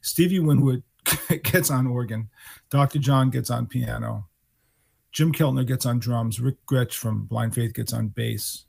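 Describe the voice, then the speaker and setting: Gravelly older man telling stories. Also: mid-range voice, measured pace. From New York. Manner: animated storyteller acting out quotes. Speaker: guest musician. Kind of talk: storytelling interview.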